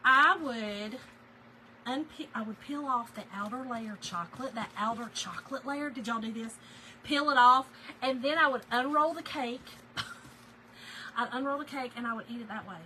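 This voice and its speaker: A woman's voice: on the high side, noisy background. A middle-aged woman, chatting casually and laughing with live viewers while she crafts. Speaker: craft livestream host.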